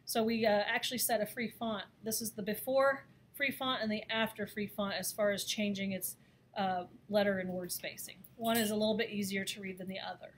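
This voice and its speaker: A woman teaching a design software lesson, talking through each step in a chatty way with frequent fillers. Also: mid-range voice, steady tone, fairly quick, a little hiss or hum. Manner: chatty, thinks aloud with fillers. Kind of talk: screen-recorded software lesson.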